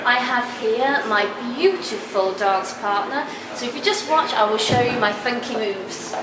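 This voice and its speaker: A woman's voice: fairly high pitch, unhurried, noisy background. A woman reporting playfully from a press launch, jokey and bubbly, laughing often. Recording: echoey hall with loud background.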